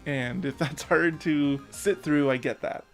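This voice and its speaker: A man's voice: on the high side, a little slow, soft background music. A man in his thirties giving an earnest, emotional personal rant as a vlogger, swearing now and then. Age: 30s.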